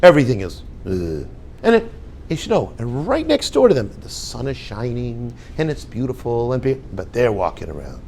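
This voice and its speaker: An older man, a rabbi and yeshiva head, giving a storytelling talk and acting out the dialogue with lively voices. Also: mid-range voice, brisk, slight background noise. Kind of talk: storytelling lecture.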